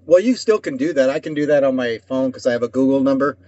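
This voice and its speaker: A man's voice: medium pitch, quick pace, warm tone, no echo. A man telling stories in casual profane chat as podcast co-host, rambling and acting out voices. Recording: dull lo-fi dry sound.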